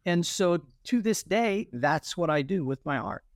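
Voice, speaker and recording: Interview guest, male, animated storyteller who mimics others; somewhat high pitch, dry studio sound. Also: a little slow, no room sound. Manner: animated storyteller, acts out quoted voices. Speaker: guest, military veteran and artist. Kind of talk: testimony in an interview.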